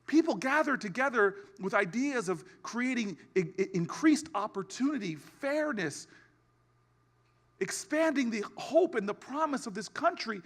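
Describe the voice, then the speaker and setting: A man giving a keynote speech with a humorous storytelling streak, building to a rousing finish with shouted repetition. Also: extremely high pitch, expressive, unhurried. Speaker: keynote speaker.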